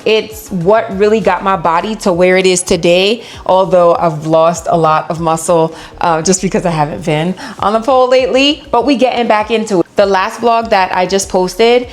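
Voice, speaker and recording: A woman talking casually to camera while she trains, chatty, and at times out of breath from moving. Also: mid-range voice. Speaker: vlogger. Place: home pole studio room.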